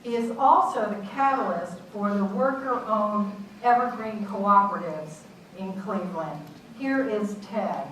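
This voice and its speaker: A woman in her eighties performing a one-woman theatre monologue, telling a road-trip story with animated, dramatic delivery. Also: mid-range voice, unhurried. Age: 80s. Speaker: solo stage performer. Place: theatre stage. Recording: roomy distant stage recording, faint noise.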